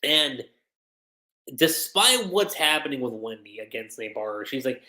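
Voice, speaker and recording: An anime reviewer hosting a livestream, recapping an episode in an excitable, animated way with lots of fillers. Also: mid-range voice, unhurried. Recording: roomy echo.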